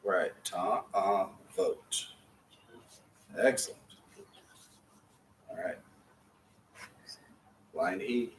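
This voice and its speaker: Low-voiced man teaching a Hebrew class. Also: very slow, long pauses, echoey room. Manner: patient, encouraging, models sounds syllable by syllable. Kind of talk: classroom reading drill. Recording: distant mic with faint room noise.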